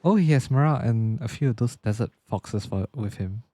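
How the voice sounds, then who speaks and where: A man's voice: medium pitch, expressive, normal speed, mellow, dry recording, faint music behind. A man streaming a video game, chatting and reacting with cheeky jokes and the odd swear word. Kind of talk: live game commentary.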